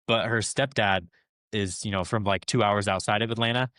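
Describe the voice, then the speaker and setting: A man's voice: fairly low pitch, steady tone, moderate pace, sharp tone, no echo, clean studio sound. A man hosting a podcast interview. He asks questions in a friendly, conversational way and laughs easily. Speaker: podcast host.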